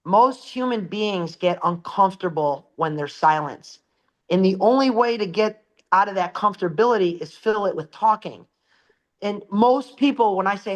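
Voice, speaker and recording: A middle-aged man in a casual podcast chat, telling lively anecdotes about selling shower doors and acting out the quotes, swearing now and then. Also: sits high, moderate pace. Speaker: shower door salesperson.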